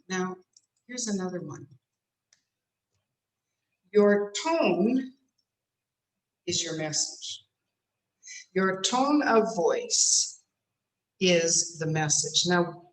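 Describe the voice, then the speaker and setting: A woman coaching speakers in an online workshop, talking in a demonstrative way and shifting her tone to show examples. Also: fairly low pitch. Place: home room on a video call. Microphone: computer mic on a video call. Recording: roomy echo.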